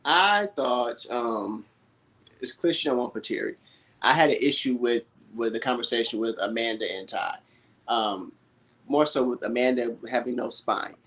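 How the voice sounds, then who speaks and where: A man co-hosting a reality-TV recap, with a voice of ordinary pitch. He gives his opinions bluntly and plainly. The delivery is matter-of-fact and conversational. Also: normal speed, a bit bright. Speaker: podcast co-host. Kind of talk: casual reality-TV review chat.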